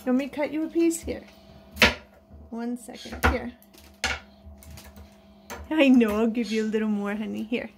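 A woman's voice: fairly high pitch, steady tone, moderate pace, long pauses, very noisy. A woman vlogging at home at night, talking in a sing-song baby voice to her pets and chatting with viewers. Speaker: pet vlogger. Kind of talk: casual chat to pets and viewers.

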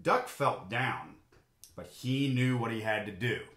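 A man reads a picture book aloud to a class of children, slow and unhurried. His voice is bright, and it rings in an echoey room. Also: mid-range voice. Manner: animated, voices the animals with big roars and quacks. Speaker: teacher reading to a class. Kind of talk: storybook read-aloud for children.

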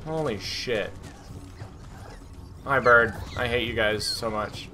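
A man's voice: mid-range voice, slow, background noise. A man giving casual gameplay commentary, exasperated and swearing as he rants at the game. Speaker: gaming streamer.

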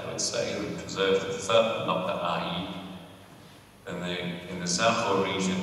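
A man's voice: low voice, level tone, moderate pace, bright, forceful tone. A man giving an academic conference lecture, hesitant, with many fillers and restarts. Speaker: lecturer on dialects. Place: large lecture hall. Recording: echoey hall, distant mic.

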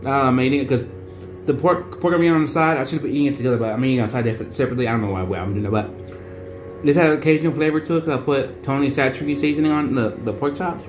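A man at a middle pitch, rambling through a casual food review with many restarts and fillers. His voice sits in an echoey room with a faint hum in the background. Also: quick pace. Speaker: vlogger.

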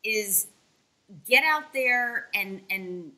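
Woman talk-show host, bright, emphatic, encouraging. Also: medium pitch, expressive, very slow, poor audio. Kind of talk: casual interview talk.

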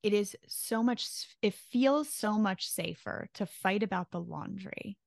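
A woman's voice: medium pitch, measured pace, vocal fry, no room sound, studio quality. A woman co-hosting a podcast as a therapist, explaining in a casual way and often checking in with "right?". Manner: explanatory, rhetorical questions with frequent "right?".

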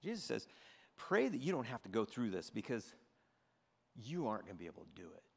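A man, a pastor, preaching a sermon and retelling scripture with expressive storytelling. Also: on the low side, a little fast, creaky, slightly rough, long reverb tail. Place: church sanctuary.

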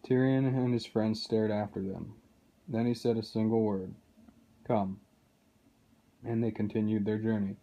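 A man reading a children's novel aloud in a steady, unhurried way. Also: on the low side, lo-fi sound. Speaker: reader.

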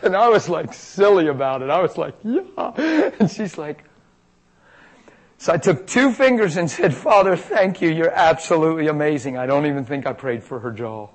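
A middle-aged man preaching, telling a healing story in an animated way that jumps high and loud at its peaks. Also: moderate pace, poor audio. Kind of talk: healing testimony sermon.

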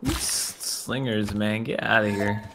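A man's voice: on the low side, steady tone, slow, background noise. A man rambling and joking in a casual gaming chat.

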